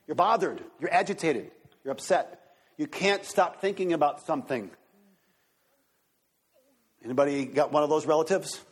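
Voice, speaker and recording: With husky, somewhat rough vocals pitched fairly high for a man, this pastor delivers an excited, animated sermon. He speaks at a normal speed with long pauses, often stopping to check in with his congregation.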